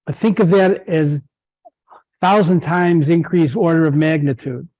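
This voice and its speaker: A man's voice: fairly high pitch, normal speed. A middle-aged man, a physician giving a club presentation, explaining patiently with wry asides and frequent restarts. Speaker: guest speaker physician. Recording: dull lo-fi lecture recording.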